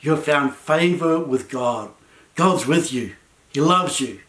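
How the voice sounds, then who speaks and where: Calm angel messenger, measured solemn delivery, by a male pastor; slightly high voice, echoey room. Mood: reassuring.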